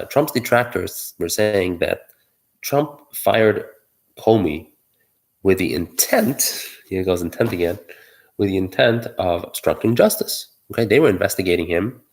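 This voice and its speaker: A man's voice: low-pitched, animated, a little slow, a little mellow. A man giving solo political commentary, arguing his point while thinking aloud, with many fillers and restarts.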